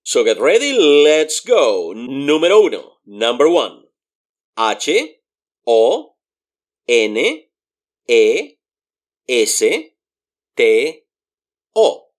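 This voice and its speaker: Very slow, deliberate male language teacher. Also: medium pitch, big pitch swings. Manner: spells words out letter by letter, slow and deliberate; explains pronunciation patiently with repeated examples. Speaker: Spanish teacher. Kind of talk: beginner language lesson.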